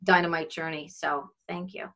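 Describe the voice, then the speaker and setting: A woman's voice: sits low, steady tone, moderate pace, a bit bright. A woman radio host gushing affectionately in a casual interview over a video call.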